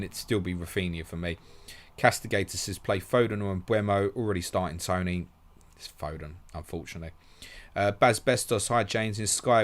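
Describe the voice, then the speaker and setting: Low-voiced guy on a live stream, reads out questions, answers quick and matey. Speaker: podcast host.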